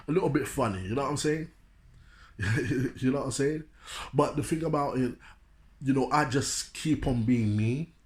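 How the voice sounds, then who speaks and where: Preachy London man, full of "you know". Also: mid-range voice. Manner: preachy, repetitive, keeps saying "you know what I'm saying"; addresses listeners like a preacher. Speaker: street speaker. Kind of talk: motivational talk.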